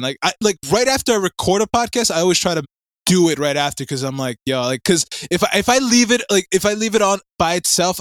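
A young man co-hosting a podcast, chatting casually with lots of stammered restarts and excited rambling. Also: high voice, quick pace, dry recording. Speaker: podcast co-host. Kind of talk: casual chat.

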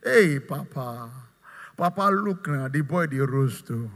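A man's voice: medium pitch, expressive, slow pace, a bit bright, in a large hall, pitched below the performer's own voice. A man voicing a woman who whines and pleads in prayer, listing her troubles. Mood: whining.

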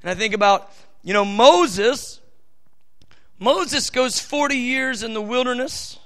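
A man's voice: extremely high pitch, animated, slow, pushed and bright. A man preaching a live sermon, speaking emphatically and talking directly to his listeners. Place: church service with family present.

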